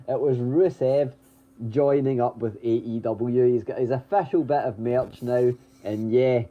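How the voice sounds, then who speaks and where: A man co-hosting a podcast, running through the week's wrestling news in a chatty way, with lots of ums, restarts and the odd chuckle. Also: mid-range voice. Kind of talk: casual news rundown. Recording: dull lo-fi audio.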